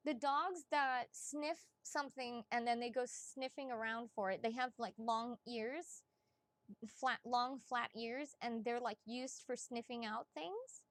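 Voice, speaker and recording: Woman, high-pitched, psychic live-stream host, casual and excitable, swears freely, dry close mic. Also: a little slow, no room sound. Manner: chatty and excitable, swears freely, addresses the chat directly.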